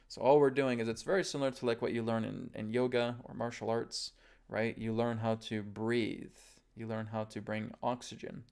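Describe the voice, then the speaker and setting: A man giving a calm, instructive talk on a live webcast, often checking in with his listeners. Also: mid-range voice, gravelly. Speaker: spiritual teacher.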